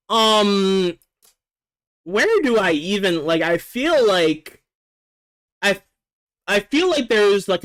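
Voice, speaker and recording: A man's voice: high-pitched, a bit bright, smooth. A man hosting a casual chat about music tracks, rambling and joking with many fillers. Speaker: podcast host.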